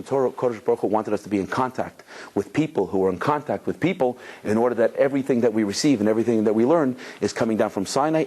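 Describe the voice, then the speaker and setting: A man's voice: on the low side, darkish tone. A man, a rabbi, giving a storytelling Torah lecture, mixing in Hebrew and Yiddish terms and often restarting his phrases. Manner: storytelling with many restarts and quoted voices.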